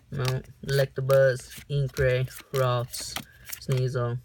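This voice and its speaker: A young man talks through a card-opening vlog at an unhurried pace, his voice rough with fry. He reads the cards off one by one and breaks into sudden excited whoops. Faint background noise and the crinkle of wrappers sit under his camera mic at home. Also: mid-range voice. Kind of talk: casual unboxing commentary.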